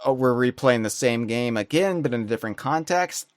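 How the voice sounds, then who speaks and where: A man hosting a podcast, chatting casually and telling stories with excitable energy. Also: mid-range voice, fairly quick, no room sound, studio quality. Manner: animated, excitable storytelling. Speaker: podcast host. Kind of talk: casual chat.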